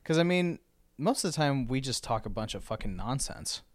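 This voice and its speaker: A man's voice: mid-range voice, expressive, normal speed, no echo. A man co-hosting a podcast in casual chat, laid-back, laughing often and swearing casually. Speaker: podcast co-host.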